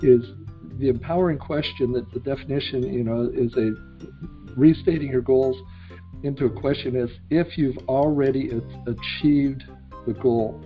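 A male interviewer tells a folksy family story before posing his question, conversational and a little halting. The sound is slightly muffled, with faint music in the background. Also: mid-range voice, steady tone. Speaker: host. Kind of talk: interview questions with a personal anecdote.

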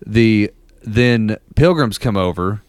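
A man's voice: lowish voice, lively intonation, slow pace, clean tone, dry recording. A man co-hosting a casual podcast chat, telling stories in a loose, rambling way full of fillers. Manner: rambling, filler-heavy storytelling with laughs. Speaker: podcast co-host.

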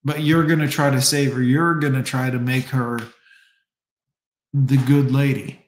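A man's voice: medium pitch, little pitch movement, reverberant, slight background noise. A man delivering a profane, emphatic rant in a casual monologue. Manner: profane, ranting, slow and emphatic.

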